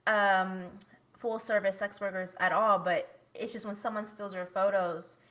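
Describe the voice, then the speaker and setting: A woman hosting a casual podcast chat, slangy and quick to laugh. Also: medium pitch, fairly even intonation, a bit bright. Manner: laughs often, slangy backchannels. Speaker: podcast host.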